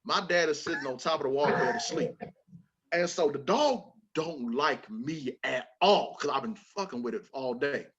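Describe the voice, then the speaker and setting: A man hosting a podcast, telling a childhood story in a casual, animated way with plenty of swearing. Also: a little high, moderate pace, dull audio, noisy background. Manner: animated, swearing, repeats words when excited. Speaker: podcast host.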